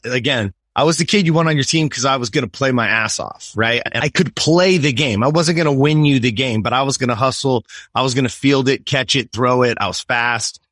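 A man's voice: mid-range voice, fairly bright tone, no echo, clean studio sound. A man in his fifties from California, telling a personal story as a podcast guest in an emphatic, profane way and often checking in with "right?". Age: 50s.

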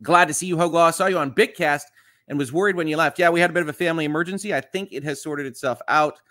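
Rapid-fire and sharp-toned, with a fairly high pitch, the Michigan lawyer reads comments aloud during his casual livestream, chatty and filler-heavy. He's from Southeast Michigan, and the recording is dry and clean, studio quality.

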